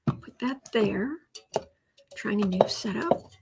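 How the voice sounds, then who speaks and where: A woman's voice: medium pitch, expressive, slow pace, very noisy. A woman chatting casually on her live stream at home, laughing often and cooing at her cat.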